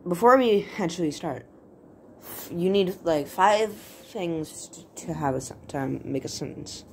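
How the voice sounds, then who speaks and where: A woman with a low voice explains basic writing in a loose, casual video lesson. She rambles playfully and keeps stopping to correct herself mid-word, with a faint noise behind her. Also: animated, a little slow. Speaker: writing tutorial host.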